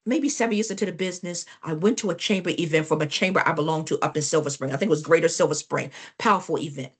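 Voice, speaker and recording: Animated woman leading a business workshop. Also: deep voice, fast talker, breathy edge. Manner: animated, emphatic storyteller addressing the class; repeats phrases for emphasis. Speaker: workshop trainer. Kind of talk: live business workshop talk.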